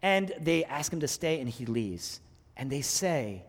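A man preaching a sermon, surging from hushed, quiet phrases to soaring emphatic peaks. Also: on the high side, big pitch swings, measured pace. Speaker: pastor. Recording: long hall reverb.

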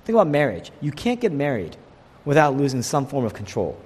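A man preaching a sermon, delivering it in an animated way and voicing the people he quotes. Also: mid-range voice, fairly quick, slightly rough. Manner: animated preaching, quotes figures in voiced asides. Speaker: pastor. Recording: long hall reverb.

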